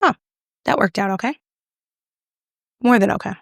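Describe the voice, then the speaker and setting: A woman's voice: mid-range voice, normal speed, vocal fry, dry recording, studio quality. A young woman casually reviewing makeup, chatty and self-deprecating as she applies it on camera. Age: young adult. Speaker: beauty YouTuber.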